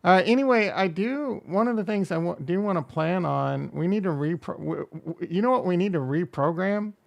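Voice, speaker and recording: A man's voice: high-pitched, expressive, moderate pace, gravelly, highs cut off. A man hosting a casual crypto livestream, rambling and joking as he reacts to chat and runs through coin prices. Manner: rambling, jokey, self-deprecating, reads chat aloud.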